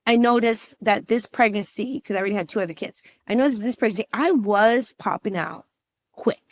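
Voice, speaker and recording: A woman in her fifties, a relationship coach talking as a podcast guest, telling a personal story in a lively, chatty way and calling the listener "girlfriend". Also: on the high side, fairly quick, no echo, clean studio sound. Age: 50s. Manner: lively storyteller who acts out scenes and calls the listener "girlfriend". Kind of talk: casual interview storytelling.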